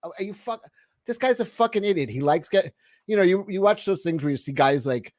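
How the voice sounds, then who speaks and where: A man's voice: high voice, brisk, no room sound. A man hosting a casual livestream chat, swearing a lot and laughing as he talks. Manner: profane, animated, laughing often. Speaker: podcast host.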